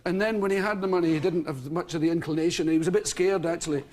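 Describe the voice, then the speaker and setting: A man's voice: fairly high pitch, quick pace, darkish tone, a little hiss or hum. A Scottish man telling comic stories as a talk show guest, laughing through them. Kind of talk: comic storytelling. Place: television studio with audience.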